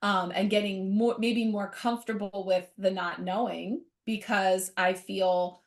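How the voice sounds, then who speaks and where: A woman's voice: medium pitch, steady tone, a little slow. A middle-aged woman co-hosting a casual spiritual chat, reflective and lifting her voice for quoted thoughts. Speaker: co-host.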